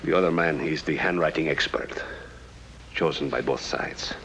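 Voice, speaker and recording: An actor playing an anxious, formal government deputy in a 1950s radio drama, speaking hesitantly. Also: male voice, rumbling low, moderate pace, fairly bright tone, a little hiss or hum.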